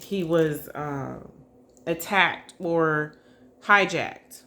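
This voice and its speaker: A woman's voice: deep voice, extremely slow, bright, forceful tone. A woman giving a casual psychic reading to her viewers, chatty and hesitant, often checking in with "okay?" and "y'all". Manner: hesitant, full of hedges and fillers. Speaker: psychic reader. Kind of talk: casual spiritual reading to camera.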